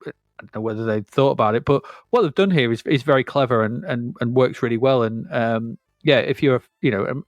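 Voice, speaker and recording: Guy rambling about old games on a podcast, keeps restarting his sentences, mid pitch, dry sound. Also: a little fast, no echo. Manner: rambling, self-correcting, chatty. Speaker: podcast co-host. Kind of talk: casual retro gaming chat.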